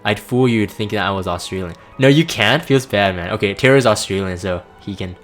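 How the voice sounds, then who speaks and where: A man's voice: fairly low pitch, brisk, soft background music. A man casually commenting between story readings in a laid-back, joking, self-deprecating way. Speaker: channel host reading game story.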